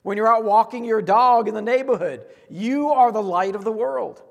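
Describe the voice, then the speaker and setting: High-voiced pastor preaching in a church. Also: male voice, normal speed, gravelly. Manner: earnest, repetitive preaching cadence. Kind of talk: sermon. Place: church sanctuary. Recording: long hall reverb.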